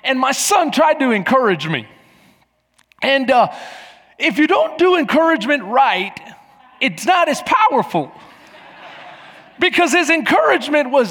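Preacher, high gravelly voice, lively storytelling, echoey sanctuary. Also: male voice, moderate pace. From Texas. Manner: animated, acts out quoted voices. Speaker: pastor. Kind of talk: sermon with storytelling. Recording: echoey hall.

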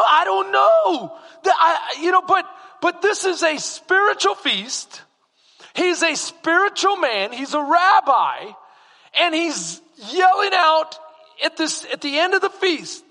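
Male pastor, high ringing voice, sermon in a reverberant church hall. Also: unhurried. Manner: animated preaching with rhetorical questions to the congregation.

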